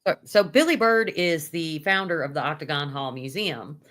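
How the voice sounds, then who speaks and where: A woman's voice: low-pitched, normal speed, a bit bright. A woman guiding at a historic site, explaining its history in a matter-of-fact way with brief answers. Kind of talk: casual explanation.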